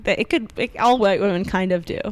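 A woman co-hosts a comedy podcast and keeps jumping in with quick jokes and teasing comebacks. Her voice sits at an ordinary pitch for a woman and she speaks in an offhand, casual way. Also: long reverb tail. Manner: quick wisecracks and teasing interjections.

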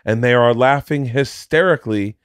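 A middle-aged man spins a story on a casual podcast, his voice jumping up in pitch when he gets excited. The sound is close and dry, with no room around it. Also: moderate pace, dry recording. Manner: animated, swings into high excited bursts while telling stories. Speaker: podcast co-host.

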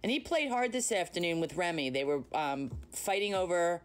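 At night from home, a woman hosts a casual livestream on her phone, speaking at a moderate pace in an expressive, lowish voice. She's chatty and teasing while answering viewers' comments.

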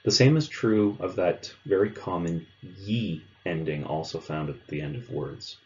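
A language teacher with a very low, deep voice walks through pronunciation step by step, clear and measured, in an instructional narration. The recording comes across a little dull and lo-fi.

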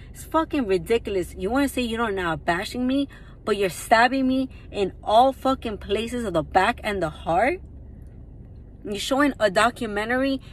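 A young woman, a reality TV personality, delivering a furious, profane rant to her followers. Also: medium pitch. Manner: furious and profane, swearing constantly.

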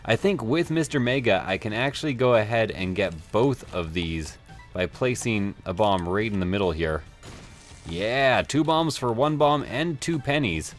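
A man's voice: on the low side, expressive, unhurried. A man commenting on his gameplay as a let's play host, in a rambling, offhand way with mild swearing. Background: faint game music.

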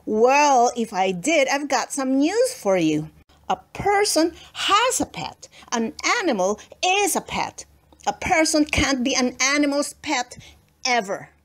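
A woman's voice: sits high, very animated, unhurried, fairly bright tone, pitched above the performer's own voice, heavily acted. A woman reading aloud and voicing a bossy, boastful spoiled little girl with a snippy, whiny manner.

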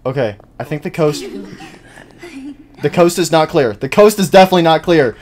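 A young man hosting a horror game let's-play, rambling and jittery, who bursts into high-pitched panicked yelling. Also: animated, moderate pace, a little hiss or hum. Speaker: gaming channel host.

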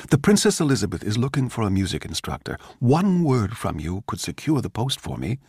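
An older man voicing a giddy, impish young male composer in a dramatic audiobook reading, pleading and excitable. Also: brisk, breathy edge, no room sound, studio quality, heavily acted. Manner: pleading, playful, high and excitable.

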